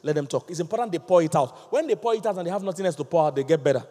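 Man preaching in a reverberant hall, high and lively, plays out dialogue. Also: rapid-fire. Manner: animated, acts out voices, laughs with the congregation. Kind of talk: sermon.

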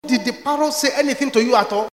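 A preacher voicing a calm salesy shopkeeper. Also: male voice, very high-pitched, fast talker, pitched above the performer's own voice. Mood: persuasive. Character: patient male pet-shop seller, salesy. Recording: echoey hall reverb.

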